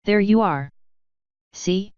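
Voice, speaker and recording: A man's voice: sits high, slow pace, clean tone, no echo. A woman reading a sardonic grumbling man. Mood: exasperated. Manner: dry, exasperated. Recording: dull lo-fi recording.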